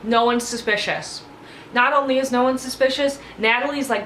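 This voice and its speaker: A woman's voice: fairly high pitch, moderate pace, a bit bright, a little hiss or hum. A woman giving a casual, opinionated recap of a reality show, blunt and sarcastic, swearing freely. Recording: echoey room.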